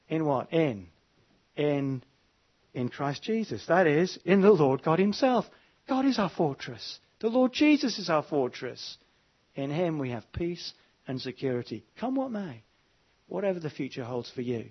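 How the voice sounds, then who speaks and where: Emphatic preacher, slightly high voice. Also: male voice, slightly rough, lo-fi sound. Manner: emphatic, repeats words, many fillers. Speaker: pastor. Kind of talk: evening sermon.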